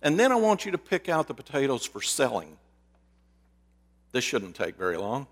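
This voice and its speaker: A man's voice: mid-range voice, wildly swooping pitch, normal speed. A man voicing a farmer who gives matter-of-fact orders. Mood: bossy. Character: bossy farmer giving orders. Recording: long reverb of a large hall.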